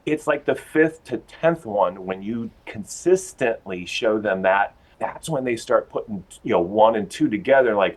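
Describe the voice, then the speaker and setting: A man's voice: fairly low pitch, expressive, measured pace, hardly any pauses, low-quality recording. A man from a pet store giving dog training tips on a TV segment, folksy and chatty, acting out little everyday scenes. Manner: folksy, acts out little scenes in his own voice. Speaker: pet store guest expert.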